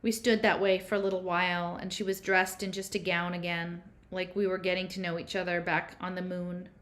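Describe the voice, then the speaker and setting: A woman's voice: fairly low pitch, level tone, brisk, a bit bright. Woman reading a novel aloud. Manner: conversational, unpolished reading with small slips. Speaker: audiobook reader. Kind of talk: reading a novel aloud, first-person narration.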